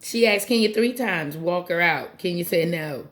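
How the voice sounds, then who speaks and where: At a normal speed, a woman with a fairly low voice delivers a casual, profane reality TV recap full of blunt, animated energy. She does impressions of the show's cast and swears freely, and the whole thing stays loose and conversational.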